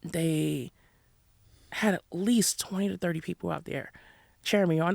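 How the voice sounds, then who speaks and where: A woman's voice: lowish voice, measured pace, gravelly, dry recording, clean studio sound. A New woman, telling her running story candidly as a podcast guest, laughing often. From New York City. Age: 30s. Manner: animated, frank, laughs often. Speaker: podcast guest, endurance runner.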